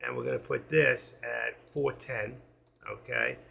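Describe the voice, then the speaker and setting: A man's voice: medium pitch, little pitch movement, a little slow, creaky, sharp tone, a little hiss or hum. A man giving live trading commentary, thinking aloud and reading out prices as he trades. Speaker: stock trading streamer.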